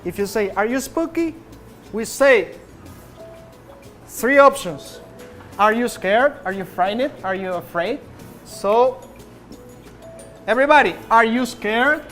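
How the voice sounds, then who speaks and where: A woman English teacher in a classroom, slowly repeating prompts and drilling her students. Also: fairly high pitch, lively intonation, a bit bright, faint music behind. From Nicaragua.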